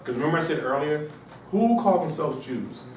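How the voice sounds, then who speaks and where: An instructor with a cold lectures in a university classroom at normal speed, his voice a little high, a little mellow and animated. He rambles and poses rhetorical questions to students, heard from far off in a very echoey room with faint hiss.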